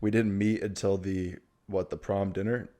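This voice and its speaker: A man in his twenties, a guest on a casual podcast, joking in a dry, deadpan way with hesitant fillers. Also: deep voice, normal speed. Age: 20s.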